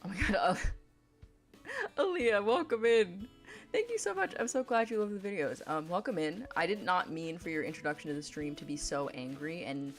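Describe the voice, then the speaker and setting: Female streamer, low voice, casual chat with mock-dramatic complaints; faint background music. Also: very animated, quick pace, few pauses. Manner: dramatic mock outrage, chatty with viewers. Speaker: game streamer.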